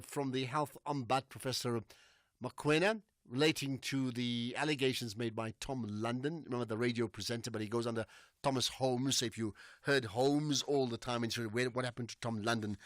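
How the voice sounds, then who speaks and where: A man's voice: mid-range voice, a bit bright, no room sound, studio quality. Chatty radio host, man. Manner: chatty and conversational, inviting callers. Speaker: radio talk show host. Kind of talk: casual radio talk.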